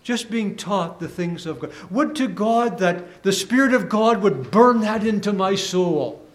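A man preaching a sermon in an earnest, deliberate way, rising for emphasis and dropping softly at the ends of phrases. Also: sits high, expressive. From Canada.

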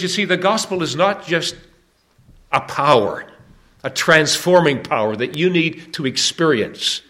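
A man's voice: a little high, fairly bright tone. Earnest preacher man. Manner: earnest, with rising emphatic questions. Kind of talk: evangelistic sermon.

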